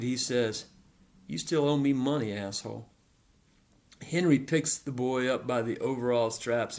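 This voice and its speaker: Male storyteller, mid-pitched, reading his own fiction at a measured crawl, repeating phrases to linger on details. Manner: slow, deliberate and repetitive, lingering on details.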